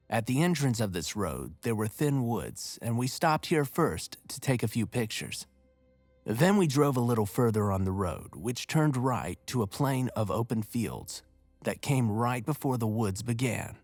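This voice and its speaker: Low-voiced man narrating a horror story. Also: no room sound. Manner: measured, steady storytelling. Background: faint music.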